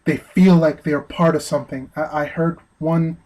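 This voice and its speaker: A man giving an earnest opinion monologue, speaking haltingly with frequent restarts. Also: on the high side, steady tone, a little mellow, rough recording. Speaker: vlogger.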